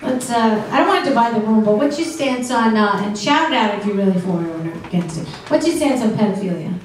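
Middle-aged woman stand-up, deadpan, slightly high voice, heard from afar in a roomy club. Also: quick pace. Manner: dry, deadpan delivery of dark jokes with audience banter. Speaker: stand-up comedian. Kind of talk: stand-up comedy set. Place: comedy club stage. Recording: echoey club room from far off, noisy.

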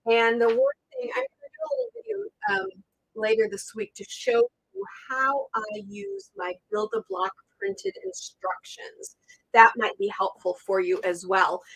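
A woman's voice: fairly high pitch, sharp tone, no room sound. Chatty woman teaching quilting, dry sound. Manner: chatty, many fillers and self-corrections. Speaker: quilting instructor, channel host. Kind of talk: casual tutorial demonstration.

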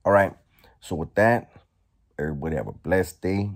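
A man vlogging, telling a story casually in a profane, slangy, animated way. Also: deep voice, moderate pace.

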